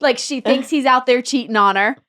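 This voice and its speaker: Animated woman retelling a true-crime case. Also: high-pitched, moderate pace. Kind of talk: casual chat.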